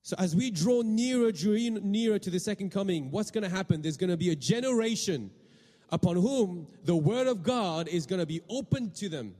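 In a hall with long reverb, a pastor preaches expressively at a moderate pace in a fairly high, warm voice. He turns often to the congregation with questions, repeating words and starting phrases over as he goes.

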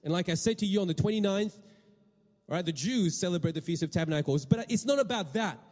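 A man's voice: high voice, fast, darkish tone, in a large hall. A man preaching a sermon to a congregation, often asking them questions and repeating words as he goes. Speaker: pastor.

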